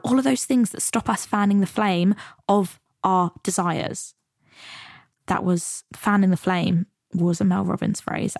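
A woman's voice: medium pitch, darkish tone, no room sound, studio quality. A woman from the UK hosting a podcast, talking in a chatty, earnest and motivational way about goals and coaching. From United Kingdom. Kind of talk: reflective solo podcast talk.

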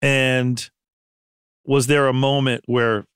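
A man's voice: medium pitch, flat delivery, takes it slowly, fairly bright tone, clean tone, no echo. Male podcast host, short prodding questions, dry close mic. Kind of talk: conversational interview.

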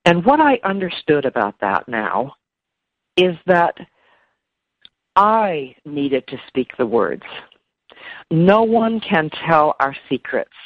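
A woman speaking as an interview guest, emotional and halting, often repeating words. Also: sits low, big pitch swings, no room sound. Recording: dull lo-fi dry sound.

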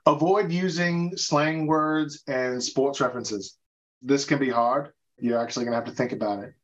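A man's voice: medium pitch, moderate pace, highs cut off. A man from the United States hosting a podcast, chatting casually and stumbling over repeated words. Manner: chatty, repeats words and restarts, laughs often. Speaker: podcast host. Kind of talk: casual travel-tips chat.

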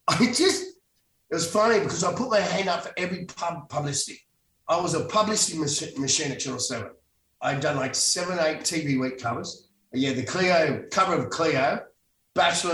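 Animated Australian man telling stories. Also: a little high, echoey room, distant mic, a little hiss or hum, poor audio. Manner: animated storyteller acting out his own past lines. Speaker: guest, former soap actor. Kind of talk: storytelling in podcast interview.

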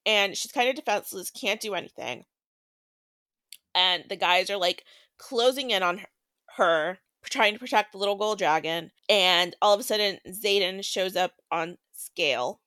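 A woman's voice: mid-range voice, sharp tone, dry recording, clean studio sound. A woman co-hosting a casual book podcast, retelling the plot in a chatty way with lots of fillers. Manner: chatty, filler-heavy, quick plot recap. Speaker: podcast co-host.

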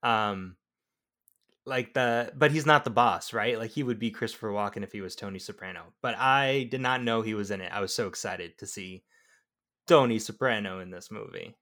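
A man's voice: lowish voice, normal speed, bright, forceful tone. A man co-hosting a film review podcast, chatting casually and teasing the others. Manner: playful, teasing. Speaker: podcast co-host. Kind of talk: casual chat.

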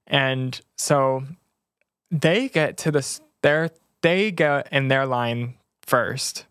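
A young man with a mid-range voice, co-hosting a casual chat. He talks in a relaxed, agreeable way, full of "like" and "you know". The recording is close and dry. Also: medium pitch, slow, clear, resonant tone, dry recording. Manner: relaxed, agreeable, filler-heavy. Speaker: podcast co-host.

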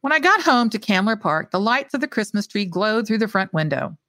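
A woman author reading her own mystery short story aloud with expressive delivery. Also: mid-range voice, brisk, dry recording.

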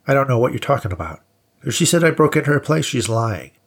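A cornered, evasive man who whines and protests, as a male narrator puts him on. The voice is pitched a little above the reader's low, gravelly register and keeps a husky grain. It is an audiobook character voice. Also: big pitch swings, quick pace. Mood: defensive.

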